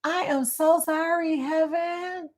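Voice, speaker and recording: A woman's voice: very high voice, steady tone, slow pace, darkish tone. A middle-aged woman hosting a casual livestream, chatting, reading viewer comments aloud and laughing often. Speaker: livestream host.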